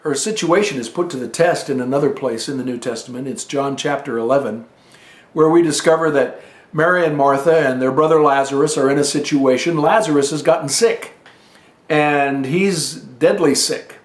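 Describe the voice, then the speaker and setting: A man preaching a teaching sermon, telling a scripture story in an earnest, unhurried way with pauses. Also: fairly high pitch, reverberant.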